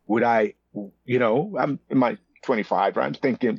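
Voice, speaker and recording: Husky man in his fifties telling stories. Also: mid-range voice, normal speed, no echo. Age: 50s. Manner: animated, repetitive restarts, lots of "you know". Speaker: podcast guest, actor. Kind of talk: casual storytelling interview. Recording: dry dull lo-fi sound.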